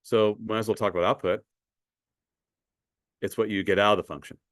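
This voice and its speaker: A man's voice: on the low side, fairly even intonation, brisk, fairly bright tone, no echo, clean studio sound. A man teaching a math class in a conversational way, asking students questions and often repeating words. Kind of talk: classroom lecture.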